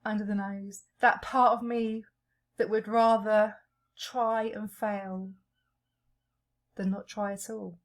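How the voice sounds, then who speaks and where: A woman leading a guided EFT tapping session, calling out each tapping point in a slow, gentle way. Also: mid-range voice, little pitch movement.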